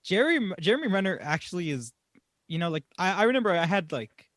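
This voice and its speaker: A young man co-hosting a casual movie podcast, animated and swearing, often laughing and mocking what he watched. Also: high-pitched, a little fast, no echo, studio quality. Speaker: podcast co-host. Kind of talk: casual film review chat.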